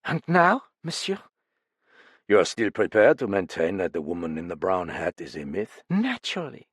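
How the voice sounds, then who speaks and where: A man reading an audiobook, voicing a cold, sharp-tongued French woman who snaps and snarls in a raised voice. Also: very deep voice, wildly swooping pitch, normal speed, husky, no echo, studio quality, exaggerated voice. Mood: wary. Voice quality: frigid, snarling.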